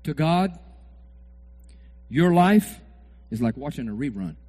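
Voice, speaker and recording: Man preaching, high voice, big swoops, acts out cheering fans. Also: takes it slowly, soft background music. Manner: animated, acts out fans shouting at the TV. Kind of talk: sermon.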